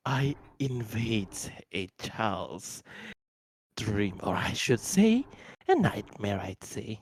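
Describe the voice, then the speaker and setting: A woman playing a tabletop role-playing game, describing her character's actions in a halting way and often restarting her sentences. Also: extremely low pitch, very animated, breathy edge, no room sound. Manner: halting, repeats herself, laughs at her own ideas. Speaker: player.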